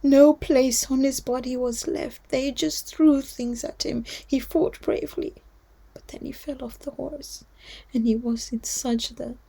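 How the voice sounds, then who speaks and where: A woman telling a devotional story to children, heartfelt and often dropping into a hushed whisper. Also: high-pitched, steady tone, a little slow, vocal fry. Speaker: storyteller at a children's religious gathering.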